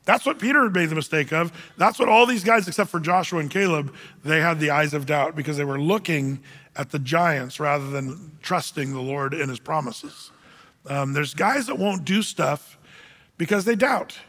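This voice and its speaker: An animated man preaching to a gathering, his high voice bright and forceful as he acts out the people in his story. The sound rings with the long reverb of a large hall. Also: normal speed. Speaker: men's group speaker. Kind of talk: sermon.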